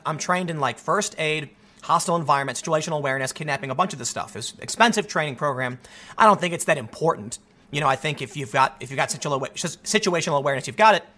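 Man, bright tense voice, animated, repeats himself, casual commentary. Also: fairly high pitch, fast. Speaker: commentary host.

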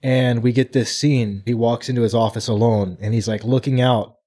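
A man co-hosts a casual book-club podcast, animatedly retelling a chapter and acting out the characters' lines. His mid-range voice is warm and fairly even in intonation, at a moderate pace.

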